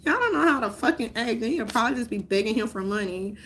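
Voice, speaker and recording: A woman ranting, profane and high-voiced. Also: fast talker, slight background noise. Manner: profane, rambling rant with frequent laughter; animated, swings between loud outbursts and mutters. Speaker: vlogger. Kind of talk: casual chat.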